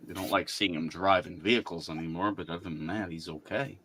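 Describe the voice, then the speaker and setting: A man's voice: deep voice, steady tone, a little fast, sharp tone, a little hiss or hum. A young man in casual chat, joking, swearing freely and poking fun at himself. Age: young adult. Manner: joking, swearing, self-mocking. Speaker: friend in a group chat.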